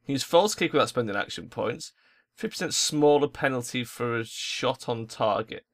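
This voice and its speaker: A man's voice: medium pitch, lively intonation, moderate pace. A young man giving sweary, frustrated commentary over a football tactics game. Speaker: gaming YouTuber. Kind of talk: gameplay commentary.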